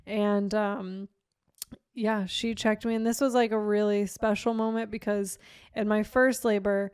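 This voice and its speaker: A young woman tells her story in an easy, chatty way, leaning on "like" as she talks. Her voice is smooth and clean, sitting at an ordinary middle pitch for a woman. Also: flat delivery, unhurried, darkish tone. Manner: chatty, lots of "like" fillers, laughs often. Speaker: guest sharing her birth story. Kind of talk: casual conversational storytelling.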